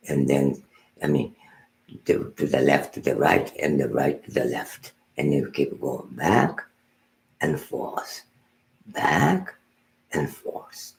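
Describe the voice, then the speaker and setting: A man with a low, gravelly voice teaches meditation as a Buddhist teacher, speaking slowly with lots of rise and fall. He halts, repeats words and restarts phrases, often sinking to a soft murmur. The sound is roomy and echoey.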